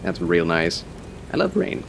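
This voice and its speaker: Chatty low-voiced male game streamer. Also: wildly swooping pitch, measured pace, vocal fry, slight background noise. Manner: chatty, answers chat, playful and polite; frequent laughs and muttered asides. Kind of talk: casual live game commentary.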